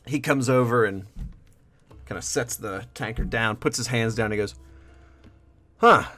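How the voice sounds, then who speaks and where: A man's voice: mid-range voice, normal speed, fairly bright tone. A man running a tabletop game, describing scenes loosely with many fillers. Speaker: game master.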